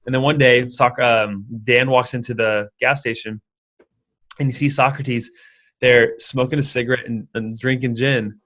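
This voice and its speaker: A young man chatting casually as a podcast guest, his pitch sitting in the middle range. He rambles and circles back, trips over his own phrases and leans on fillers as he tells a story. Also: fairly even intonation, measured pace, fairly bright tone. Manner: rambling, full of fillers and restarts. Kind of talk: casual conversation.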